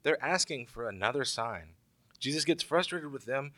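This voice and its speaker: A man's voice: medium pitch, expressive, normal speed, sharp tone, dry recording. A man preaching a sermon in a conversational way, with joking asides to the congregation. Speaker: pastor.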